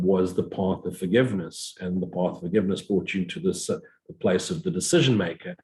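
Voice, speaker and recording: A middle-aged man giving a reflective spiritual talk as a teacher, slowly repeating affirmations in a meditative way. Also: deep voice, a little mellow, poor audio. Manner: slow, meditative repetition of affirmations.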